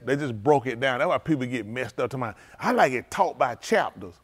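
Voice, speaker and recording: Conversational man preaching with loud swells. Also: animated, a little fast, slightly rough. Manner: conversational preaching that swings from low murmurs to loud exclaiming; speaks in informal, vernacular English. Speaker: pastor. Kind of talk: sermon.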